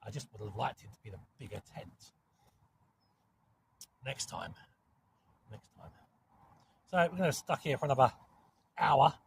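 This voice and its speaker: A man's voice: mid-range voice, expressive, fast talker, gravelly, slight background noise. A man from southern England with a southern English accent, chatting casually to camera from inside a small hot tent in woodland, rambling and swearing mildly, then apologising for it. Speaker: camping vlogger.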